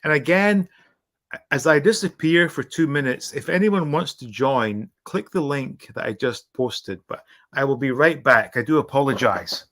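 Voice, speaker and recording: Halting, rambling male stream host. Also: mid-range voice, a bit bright. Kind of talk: casual live-stream chat.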